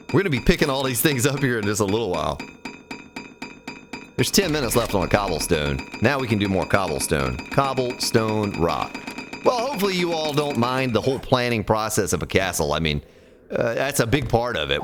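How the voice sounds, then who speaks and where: A man streaming a building game, counting blocks aloud, chatting with viewers and grumbling at the game as he plays. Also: medium pitch. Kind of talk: casual live-stream gameplay commentary.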